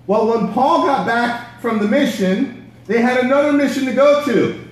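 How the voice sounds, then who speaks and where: A man's voice: extremely high pitch, moderate pace. A man preaching a sermon, telling the story in a casual, slangy way. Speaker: pastor. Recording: echoey hall from far off.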